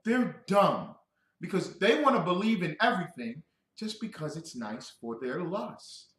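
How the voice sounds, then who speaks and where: Man, scripture teacher, loud and joking, lively high voice, roomy echo. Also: a little slow. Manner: loud, joking, calls on listeners to answer. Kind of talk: animated scripture breakdown.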